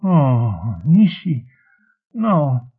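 A man's voice: fairly high pitch, fairly even intonation, takes it slowly, voice pushed up. A man playing a strained, pleading man in pain. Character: anxious man in pain, protesting. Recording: tinny phone-like audio.

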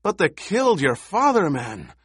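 A man voicing a gruff, angry weary warrior. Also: lowish voice, lively intonation, unhurried, no room sound, clean studio sound. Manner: tense, forceful outbursts.

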